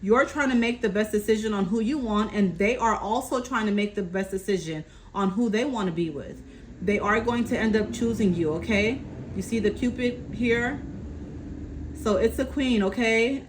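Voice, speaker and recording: The audio is poor, with a little hiss or hum, as a woman of medium pitch speaks at a normal pace. She gives a comforting, casual tarot reading to camera, steadily relaying what spirit tells her and checking in with "okay?"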